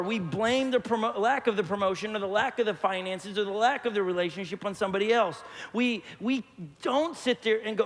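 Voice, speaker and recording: A middle-aged male pastor preaching a lively sermon, acting out quotes as he tells stories. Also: high voice, a little fast. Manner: animated storyteller, acts out quotes. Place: church hall. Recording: long church hall reverb.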